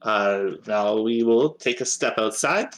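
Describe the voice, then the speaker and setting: A man's voice: fairly low pitch, slow pace, a bit bright, soft background music. A man narrating a tabletop game as game master, hesitant and full of filler sounds.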